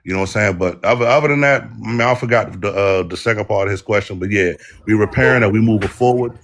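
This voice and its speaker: A man's voice: on the low side, quick pace, fairly bright tone. A man arguing bluntly in a heated debate, full of slang and hard questions. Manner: blunt, argumentative, uses slang. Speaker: debate participant. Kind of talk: heated street-style debate.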